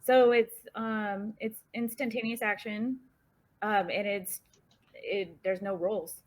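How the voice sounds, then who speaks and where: A woman's voice: mid-range voice, steady tone, takes it slowly. A woman playing in an online tabletop game, talking hesitantly with many ums over a headset. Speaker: player. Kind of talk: casual game chat. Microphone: headset on a voice call.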